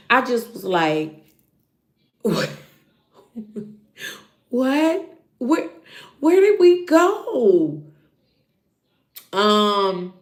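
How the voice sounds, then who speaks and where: A woman's voice: lowish voice, echoey room. A woman hosting a casual recap show, talking animatedly to her viewers and acting out what people said. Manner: animated, acts out quotes, talks to viewers. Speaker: show reviewer host.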